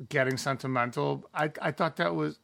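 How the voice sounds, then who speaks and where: A man's voice: a little high, moderate pace, gravelly, a bit bright. A man in his forties from Chicago with a Chicago accent, co-hosting a casual podcast in a rambling, wry way. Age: 40s. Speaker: podcast co-host. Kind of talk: casual chat.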